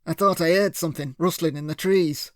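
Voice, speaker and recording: A man's voice: on the high side, a little fast, dry recording, clean studio sound, lightly acted. Man voicing Dickman, a coaxing villain boss. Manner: smooth, patronizing, calls others lad and son.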